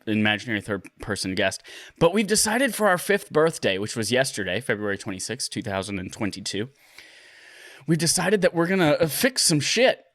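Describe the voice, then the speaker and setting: A man's voice: mid-range voice, fairly bright tone, no room sound, clean studio sound. A man hosting a casual gaming podcast from his living room, joking loosely and swearing freely. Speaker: podcast host.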